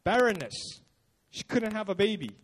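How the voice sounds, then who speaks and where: A male pastor with a high, sing-song voice speaks at a normal speed, delivering a casual, conversational sermon at a church service. He tells the story informally, acting out quotes and using lots of fillers.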